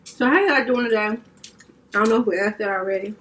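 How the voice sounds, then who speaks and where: A woman's voice: on the high side, quick pace, a bit bright, distant mic, poor audio. A woman from Louisiana co-hosting an eating video, chatting casually and laughing easily. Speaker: mukbang co-host. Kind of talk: casual chat while eating. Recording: voice from a bit away, light hiss.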